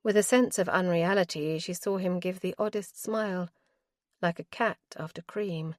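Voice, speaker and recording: A woman narrating an audiobook in a measured, even reading style. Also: lowish voice, no room sound, clean studio sound. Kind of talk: scripted narration.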